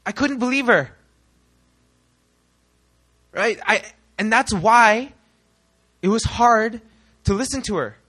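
Young male preacher, from the US, bright ringing tone, animated sermon delivery. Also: very high-pitched, takes it slowly, pauses often. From United States. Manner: animated, rhetorical questions to the congregation.

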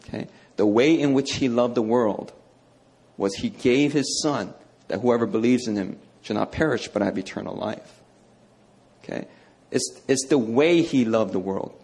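A man's voice: medium pitch, darkish tone. A male preacher teaching a sermon in a conversational, emphatic way, often checking in with "okay".

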